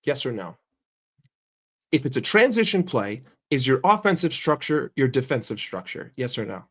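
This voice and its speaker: Young male streamer, mid-pitch, swears constantly, argues with his chat. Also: very animated, normal speed, breathy edge. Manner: profane, heated and argumentative; questions the chat directly. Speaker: football streamer. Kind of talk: livestream football rant.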